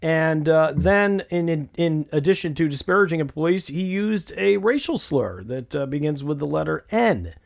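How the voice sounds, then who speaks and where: Gravelly-voiced man hosting a podcast. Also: on the high side, animated, moderate pace, hardly any pauses. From Western New York. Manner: conversational, storytelling, asks questions. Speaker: podcast host. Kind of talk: podcast discussion.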